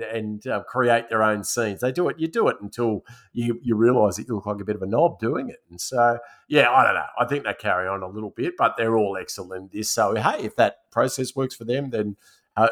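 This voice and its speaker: A man's voice: medium pitch, brisk, fairly bright tone. A man, co-hosting a podcast in casual, slangy, blunt chat. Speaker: podcast co-host.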